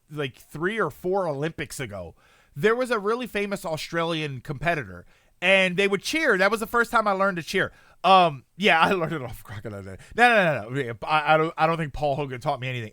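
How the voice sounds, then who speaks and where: A man's voice: high-pitched, pushed and bright, no echo, studio quality. A man streaming live, chatting casually and rambling as he answers his chat and corrects himself often.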